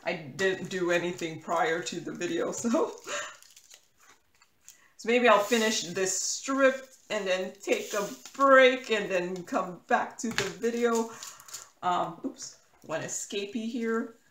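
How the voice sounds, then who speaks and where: A woman's voice: medium pitch, slow pace, fairly bright tone, echoey room, a little hiss or hum. An American woman chatting casually while she crafts, rambling with lots of fillers and restarts. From United States. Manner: rambling, filler-heavy, self-correcting. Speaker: crafting YouTuber.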